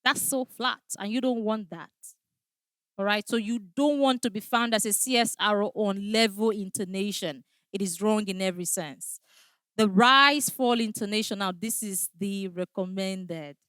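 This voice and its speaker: A woman's voice: mid-range voice, normal speed, a bit bright, smooth, no room sound. A woman teaching a customer service training class, speaking emphatically and often checking in with "all right?". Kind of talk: training lecture.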